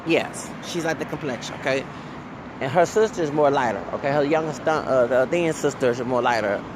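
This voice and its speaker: A Texas man rants casually to camera as a vlogger, his mid-range voice running a little fast over a noisy background. He rambles, stumbles over repeated "uh"s, and tags his lines with "okay?"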